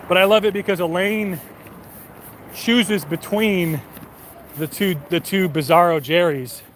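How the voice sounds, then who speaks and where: Young male streamer, slightly high voice, rambling profane chat on a night walk, faint traffic behind. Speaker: live streamer. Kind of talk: casual chat to stream viewers. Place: city street at night, outdoors.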